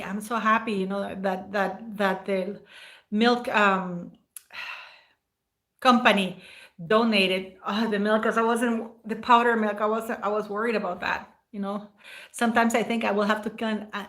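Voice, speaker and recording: A woman's voice: a little high, fairly bright tone. A woman hosting a casual livestream, rambling and emotional as she thanks viewers by name. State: near tears at times. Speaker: livestream host.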